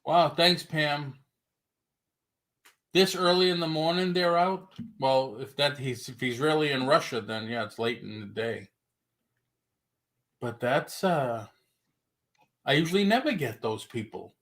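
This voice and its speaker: A man's voice: a little high, measured pace, pauses often, fairly bright tone. A man hosting a casual livestream chat, joking around and reading viewer comments aloud as he talks. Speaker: livestream host. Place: home livestream.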